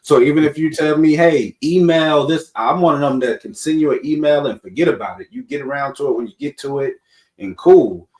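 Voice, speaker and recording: A man's voice: a little high, a little fast, darkish tone. Chatty male host in an echoey room. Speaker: podcast host. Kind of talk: casual podcast conversation. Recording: roomy, echoey room sound.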